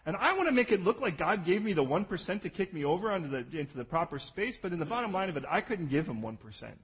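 A man preaching a sermon, animated and jokey, swinging from loud bursts to low asides. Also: fast, few pauses, slightly rough, rough recording. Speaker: pastor.

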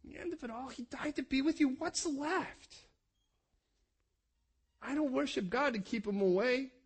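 A man preaching a passionate sermon as a pastor, swinging from loud urgent calls to quiet, soft prayer. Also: extremely high pitch, normal speed, husky.

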